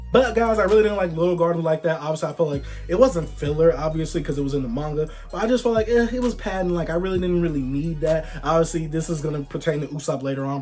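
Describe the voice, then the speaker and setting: A young adult man giving a casual, slangy review monologue, swinging between loud outbursts and hushed asides. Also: fairly high pitch. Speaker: manga reviewer.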